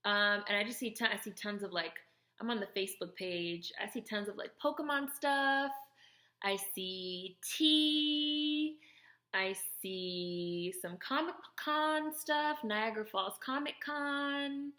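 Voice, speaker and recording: Bright-voiced chatty woman in an echoey room. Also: mid-range voice, a little slow. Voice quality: excitable, chatty, heavy filler "like". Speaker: YouTuber. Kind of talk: casual unboxing vlog.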